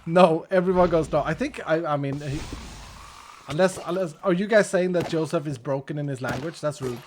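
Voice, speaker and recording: Rambling and joking on a relaxed gaming stream, a Swedish man speaks with his native accent and goes off on playful tangents. He sits on the high side and talks a little fast, with some faint hiss or hum behind him.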